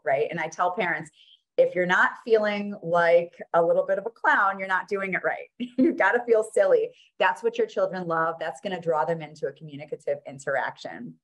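A woman presenting her children's book, reading it aloud in a playful, sing-song way. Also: on the low side.

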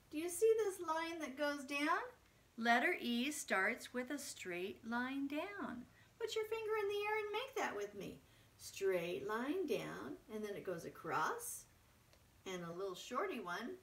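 A middle-aged woman teaching young children their letters in a video lesson, speaking slowly and straight to the kids. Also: high voice, fairly bright tone. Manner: slow, sing-song, talks straight to children. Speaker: preschool teacher.

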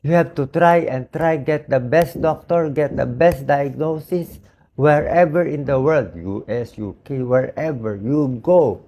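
A hoarse man with a Filipino accent, a doctor speaking in an emotional personal vlog, talking slowly and pleadingly. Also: a little high, warm tone, a little hiss or hum. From Philippines. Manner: slow, pleading, mixes English and Tagalog. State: hoarse, voice dried out.

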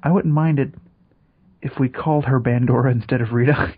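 An emphatic man co-hosts a podcast in casual chat, repeating his phrases to drive home each point. His voice sits at an ordinary pitch. It comes through thin and tinny, like a phone line. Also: fairly even intonation, a little fast, breathy edge. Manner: emphatic, repeats himself for effect. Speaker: podcast co-host.

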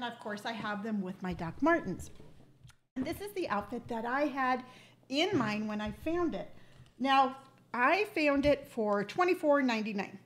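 High-voiced chatty woman in her sixties. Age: 60s. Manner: chatty, animated storyteller. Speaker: livestream host. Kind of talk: casual chat.

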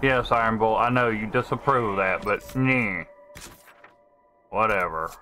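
A man's voice: lowish voice, a little slow, pushed and bright, faint music behind. A man casually commentating his gameplay, thinking aloud in a laid-back way. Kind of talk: casual let's-play commentary.

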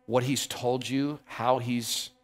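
A man's voice: mid-range voice, level tone, slow pace. A man preaching a sermon as a pastor, emphatic and building to impassioned passages, often repeating words as he builds a point. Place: church.

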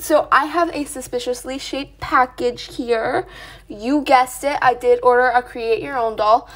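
A young woman unboxing a doll for her vlog at home, talking in a high, gushing, excited voice with casual slang. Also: unhurried.

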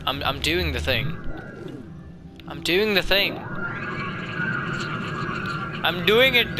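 A young man giving excitable let's-play commentary, jokey and chatty, talking back to the characters on screen. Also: fairly high pitch, slow pace, long pauses, background noise. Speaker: gaming YouTuber.

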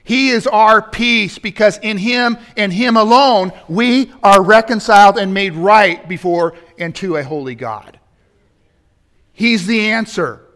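A man's voice: high-pitched, a little slow, fairly bright tone. A man preaching a sermon in a church, building to emphatic points and turning to the congregation with asides. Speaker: pastor. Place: church sanctuary.

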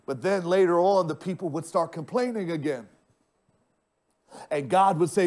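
A male pastor preaching a sermon, turning often to speak straight at the congregation and swinging from loud, stretched-out lines to hushed ones. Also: sits high, expressive, normal speed, long pauses. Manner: addresses the congregation directly.

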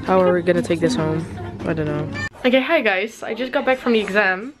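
A young adult woman vlogs casually to her camera with loud music playing behind her. Her medium-pitched voice moves briskly as she chats, pokes fun at herself and giggles often.

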